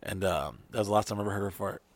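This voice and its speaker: A man's voice: lowish voice, racing, dry recording. A man chatting casually as a podcast host, swearing freely and acting out quotes as he tells stories. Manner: profane, storytelling, acts out quotes in voices. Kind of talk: casual chat.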